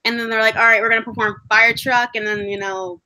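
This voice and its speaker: A young woman chatting casually, telling excitable stories and acting out her own screaming. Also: a little high, fast talker. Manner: excitable storyteller, acts out fangirl screams. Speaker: vlogger. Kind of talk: casual chat.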